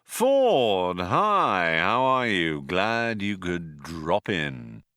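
A man's voice: low-pitched, sing-song, extremely slow, sharp tone, dry recording, studio quality, full character voice. A man reading an audiobook, voicing a laid-back male galactic traveller who drawls to sound cool. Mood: drawling.

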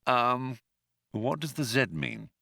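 A man voicing a vain, scatterbrained male spaceship captain who plays dumb, talking in a loud, lazy, offhand way. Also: medium pitch, wildly swooping pitch, slow, creaky, no room sound, studio quality, full character voice.

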